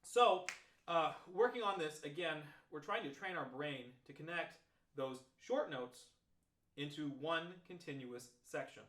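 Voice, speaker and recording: A man teaching trombone practice techniques, talking step by step through examples in a relaxed, explanatory way. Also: a little high, a little slow. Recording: roomy echo.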